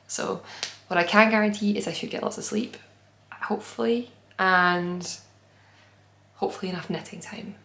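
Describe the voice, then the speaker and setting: In an echoey room, a young woman with a fairly low-pitched voice hosts a knitting podcast, chatting casually and rambling with lots of fillers.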